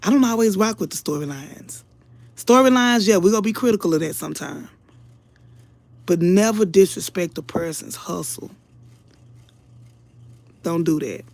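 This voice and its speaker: A woman's voice: fairly low pitch, moderate pace, gravelly, long pauses, darkish tone, dry recording. A woman commentator talking casually to her viewers, earnest and emotional, preaching a little and calling them y'all again and again. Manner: earnest, preachy, keeps addressing the audience as y'all. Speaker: online commentator.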